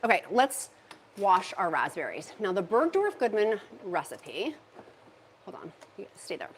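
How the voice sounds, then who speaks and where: A woman's voice: medium pitch, big pitch swings, measured pace, slight background noise. Bubbly woman chatting on a kitchen livestream. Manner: chatty, bubbly, reading comments aloud. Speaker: livestream host. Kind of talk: casual livestream chat while meal prepping. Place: home kitchen.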